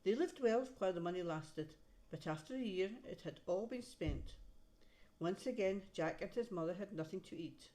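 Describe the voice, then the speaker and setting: A woman reading a storybook aloud to a child, pausing to point out the pictures. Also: lowish voice, expressive, mellow. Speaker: reader to a child.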